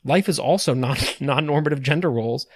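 A man's voice: medium pitch, fairly quick. Rambling man in casual podcast chat. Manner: rambling, with many restarts and casual swearing. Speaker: podcast co-host.

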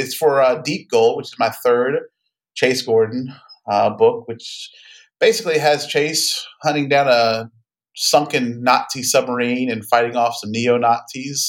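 Male co-host, mid pitch, dry ribbing, easygoing chat. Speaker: podcast co-host and author. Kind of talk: casual chat.

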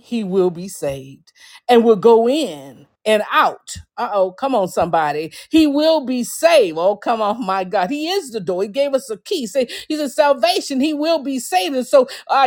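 A woman's voice: fairly high pitch, a little mellow. A woman preaching a sermon on a podcast, exuberant, laughing often and calling out to her listeners, at times speaking in tongues.

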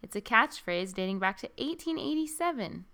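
Casual female co-host, bright and smooth, rambling and giggly. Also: on the high side, expressive, normal speed. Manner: chatty, giggly, lots of fillers. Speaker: podcast co-host. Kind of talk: casual book discussion chat.

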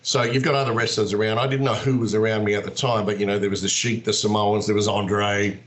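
A middle-aged Australian man, a wrestler and actor, telling stories in a casual, animated way. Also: lowish voice, quick pace. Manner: animated, acts out quoted voices. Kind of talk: casual storytelling.

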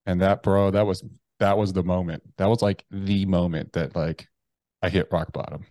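A man, a podcast guest, telling a personal story bluntly and profanely, with halting restarts. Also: sits low, fairly even intonation, mellow, no echo. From United States. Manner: blunt and profane, with slangy address.

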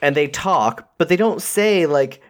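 A man co-hosting a podcast, rambling and animated as he recaps a movie in casual conversation. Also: a little high. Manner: rambling, animated, quick to quote characters. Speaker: podcast co-host.

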